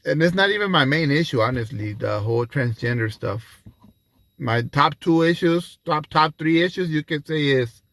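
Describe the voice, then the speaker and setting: A man's voice: medium pitch, a bit bright, dry recording. Guy ranting mad and cursing a lot, mid voice, real dry close sound. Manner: heated, profane ranting. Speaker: reaction commentator. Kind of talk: reaction video commentary.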